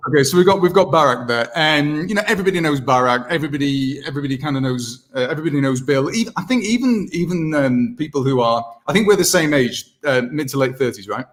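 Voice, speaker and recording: A man's voice: on the high side, fast, hardly any pauses. A British man in his thirties, a guest impressionist chatting casually with many restarts. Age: 30s. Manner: rambling, self-deprecating, many restarts. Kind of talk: casual video-call chat.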